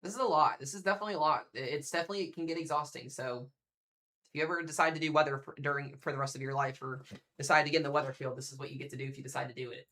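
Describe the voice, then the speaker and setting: Man, young adult, livestream weather host, casual live commentary, thinking aloud, bright tone. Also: fairly high pitch, steady tone, racing. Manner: casual, thinks aloud while reading radar, addresses viewers as guys.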